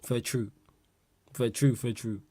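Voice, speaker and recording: A man's voice: medium pitch, fairly even intonation, slow, mellow, no echo. A man hosting a casual livestream chat, laughing a lot, swearing and using slang while answering viewer questions.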